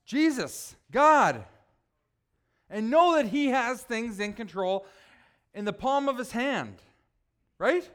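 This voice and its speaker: A man's voice: very high voice, animated, takes it slowly, pauses often. A man preaching a sermon, emotional at times, often asking his listeners rhetorical questions. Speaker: pastor.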